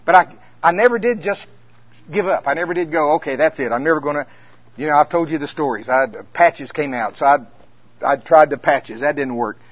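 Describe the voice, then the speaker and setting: A man preaching at a conference as a minister, telling stories that swing between hushed and loud. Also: fairly high pitch, moderate pace, no room sound. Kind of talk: conference sermon. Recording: dull lo-fi sound.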